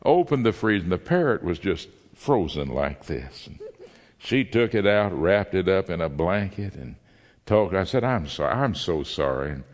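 A man's voice: low-pitched, moderate pace, in a large hall. A man teaching a Bible study as a guest speaker, telling a folksy joke before reading scripture. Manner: folksy storyteller, lively delivery with a joke. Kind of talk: sermon with humorous story.

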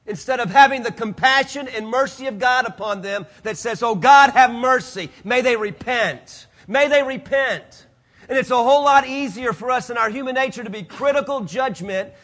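A man preaching a sermon, swinging from loud declarations to hushed, quiet asides. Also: very high voice.

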